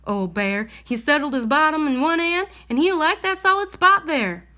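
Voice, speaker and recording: A woman reading a bedtime story aloud in a gentle, expressive way. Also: high-pitched, normal speed.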